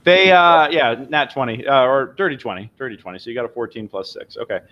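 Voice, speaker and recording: A man's voice: mid-range voice, fairly quick. Guy running a tabletop game, rambles and restarts a lot, dull lo-fi audio. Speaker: game master.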